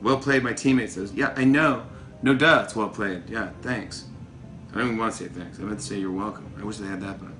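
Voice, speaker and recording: Excitable man trash-talking over gameplay. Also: fairly low pitch, fairly quick, soft background music. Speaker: talk show host. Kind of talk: casual mobile game commentary.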